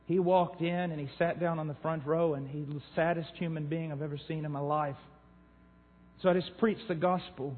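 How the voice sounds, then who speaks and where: Impassioned preacher in an echoing hall. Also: male voice, a little high, fairly even intonation, brisk. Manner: impassioned, swings from hushed to loud. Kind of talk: sermon storytelling. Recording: tinny, echoey hall recording.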